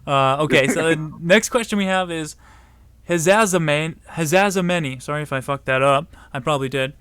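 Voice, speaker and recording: A man hosting a casual podcast chat, relaxed and chatty, reading out viewer questions. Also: on the high side, fairly quick, clean tone, dry recording. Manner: relaxed, chatty, laughs often. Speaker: podcast host.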